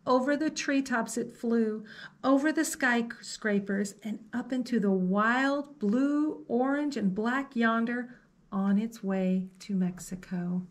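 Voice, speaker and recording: Librarian reading a storybook to kids, slow, gentle, soft-spoken, woman. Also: a little high. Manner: slow, gentle, asks the listener questions. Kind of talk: reading a picture book aloud to children.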